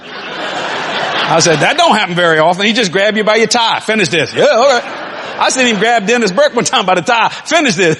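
High-voiced, lively preacher. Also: male voice, normal speed, slight background noise. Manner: animated storytelling, acts out quotes, laughs often. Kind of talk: sermon. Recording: long reverb in a large hall.

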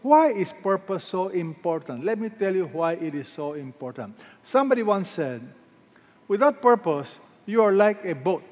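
A man's voice: high-pitched, lively intonation, moderate pace, darkish tone, in a large hall. A man preaching a sermon as a pastor, emphatic and repeating key words, asking the congregation questions.

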